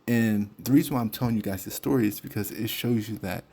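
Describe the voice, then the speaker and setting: A man's voice: fairly low pitch, fast talker, creaky, warm tone. A man hosting a podcast, giving blunt, candid advice straight to his listeners in a casual monologue. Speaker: podcast host.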